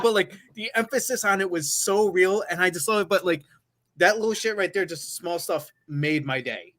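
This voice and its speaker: A man's voice: sits high, normal speed, a bit bright. A man hosting a casual podcast, reminiscing in a loose, profane way and laughing often. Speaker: podcast host.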